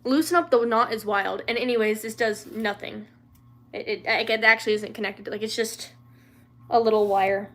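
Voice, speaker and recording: A woman's voice: on the high side, fairly even intonation, moderate pace. Chatty young woman on a livestream. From Louisiana, raised in the American South. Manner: chatty, rambling, many fillers and restarts, giggly. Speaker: livestream host answering viewer questions. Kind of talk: casual livestream chat.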